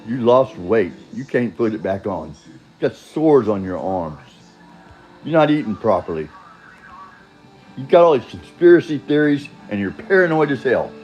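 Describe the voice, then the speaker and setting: An older man talks in a loose, rambling way, blunt and full of profanity, chuckling as he wanders into tangents. His voice sits at an ordinary pitch. The recording sounds a bit dull, with faint music underneath. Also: big pitch swings, normal speed, a little mellow. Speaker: vlogger telling his own story. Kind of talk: rambling casual monologue.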